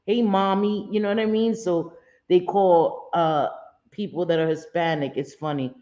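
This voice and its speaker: A woman's voice: lowish voice, moderate pace, mellow, muffled recording. A middle-aged woman hosting a casual live chat, talking in a loose, chatty way and often laughing. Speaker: livestream host.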